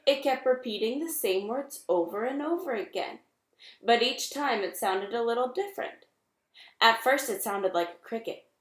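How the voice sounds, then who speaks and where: A woman's voice: fairly high pitch, expressive, normal speed, a bit bright, reverberant. Woman doing a screechy alarmed owl. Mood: puzzled. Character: anxious male owl leader, screechy.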